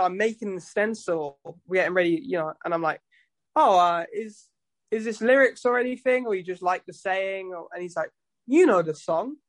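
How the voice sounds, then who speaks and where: A man's voice: high voice, a bit bright, no room sound. A man, a musician guest telling stories in a casual chat, rambling and swearing freely. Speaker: guest musician and tattoo artist.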